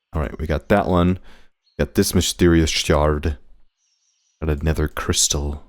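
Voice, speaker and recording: A man giving casual, jokey gameplay commentary, animated and quick to yelp at his mishaps. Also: deep voice, no room sound, clean studio sound. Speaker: gaming creator.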